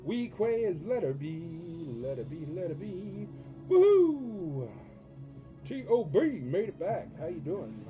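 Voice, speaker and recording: Rambling, chatty auction host. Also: male voice, high-pitched, sing-song, a little slow. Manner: rambling, joking, chatty with viewers. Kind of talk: casual live-stream auction chat. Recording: dull lo-fi stream audio with loud music behind. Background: music.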